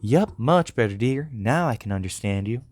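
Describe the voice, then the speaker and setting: A man's voice: mid-range voice, lively intonation, moderate pace, darkish tone, dry recording, voice pushed up, close to an everyday voice. A man voicing a kindly, motherly woman mechanic with a Southern US accent. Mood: doting. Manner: sweet, doting.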